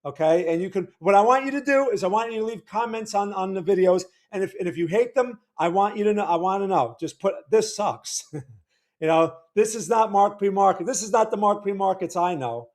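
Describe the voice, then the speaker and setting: A man with a high-pitched voice hosts a casual livestream, talking straight to his viewers. His voice sounds weak and worn, and he rambles, stumbling and repeating words as he goes. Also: brisk. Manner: rambling, stammering, repeats words, greets chat viewers loudly. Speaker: livestream host.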